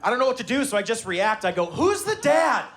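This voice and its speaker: A man in his thirties doing a stand-up comedy set live on stage, telling animated stories and shouting his children's lines. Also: rapid-fire. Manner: animated storytelling, shouting high-pitched voices when acting out his kids. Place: live comedy venue with laughing audience.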